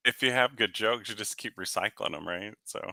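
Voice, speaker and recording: A man co-hosting a casual live chat, joking and laughing often, with halting restarts. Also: lowish voice, gravelly, bright, forceful tone, no echo. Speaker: co-host.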